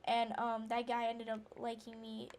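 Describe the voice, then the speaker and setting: A woman tells a long, rambling personal story as she plays, sounding indignant and catching herself with ums and restarts. Her voice sits a little on the high side. Now and then she breaks off to react to the game. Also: monotone, moderate pace, a little mellow, a little hiss or hum. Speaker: gamer telling a story while playing. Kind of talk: casual storytelling chat.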